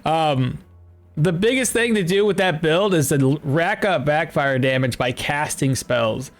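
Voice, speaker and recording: A man's voice: fairly high pitch, measured pace, soft background music. A young man casually commenting on his game for a live stream, reading chat aloud and rambling about builds.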